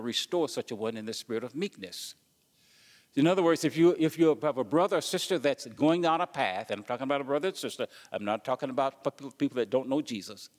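Halting preacher in a reverberant hall. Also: male voice, mid-range voice. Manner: halting, repeats words, asks the congregation questions. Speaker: pastor. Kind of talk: sermon.

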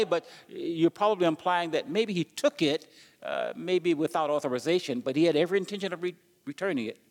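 Halting preacher in a reverberant hall. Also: male voice, fairly high pitch, lively intonation. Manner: halting, repeats words, asks the congregation questions. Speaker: pastor. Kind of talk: sermon.

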